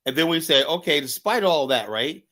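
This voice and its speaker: During a casual live-stream debate, a man with a fairly high, animated voice and a sharp tone argues his point heatedly at a moderate pace. He constantly adds rhetorical questions, often asking "you know?"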